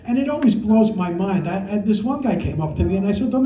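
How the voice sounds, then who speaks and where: A man's voice: sits high, lively intonation, quick pace, hardly any pauses, warm tone. A middle-aged man from Brooklyn with a heavy New York Italian-American accent, doing a brash, profane stand-up set at an open mic. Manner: brash, profane storytelling with punchlines. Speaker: stand-up comedian. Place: comedy club with audience. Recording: echoey room, mic heard from a distance. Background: audience laughter.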